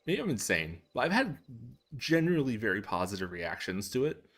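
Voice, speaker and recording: Animated young man streaming live. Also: fairly quick. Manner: animated, self-amused storyteller with laughs and squeaky pitch jumps. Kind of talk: casual live-stream chat while coding. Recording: faint music behind.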